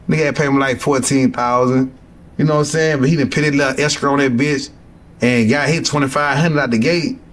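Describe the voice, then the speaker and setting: A man's voice: mid-range voice, a little hiss or hum. A young man streaming, telling a heated, profane story from his life to his chat.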